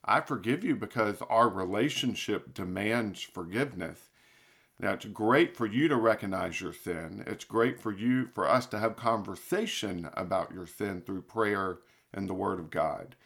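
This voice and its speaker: Gravelly, low-pitched man, earnest pastoral talker in a casual chat. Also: a little slow, fairly bright tone.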